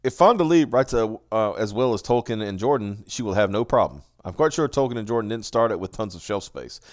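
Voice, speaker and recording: Lively sarcastic male stream co-host. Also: lowish voice, fairly quick, no room sound, studio quality. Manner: laughing, sarcastic, reads chat comments aloud. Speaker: podcast co-host. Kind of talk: casual live-stream chat.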